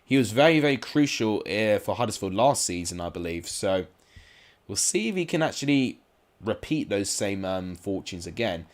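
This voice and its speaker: Lively low-voiced man commentating. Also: moderate pace. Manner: chatty, rambling, with frequent ums and asides to viewers. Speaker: streamer commentating simulated football matches. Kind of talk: casual live-stream commentary.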